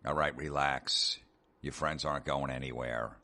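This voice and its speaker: A man's voice: rumbling low, steady tone, normal speed, sharp tone. A man hosting a comedy podcast, ranting sarcastically and profanely in a loose monologue. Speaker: podcast host.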